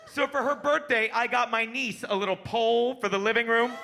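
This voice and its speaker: A man doing a brash, punchy stand-up set on a comedy club stage, baiting the crowd with quick asides into a handheld mic. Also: very high-pitched, fairly even intonation, vocal fry, background noise.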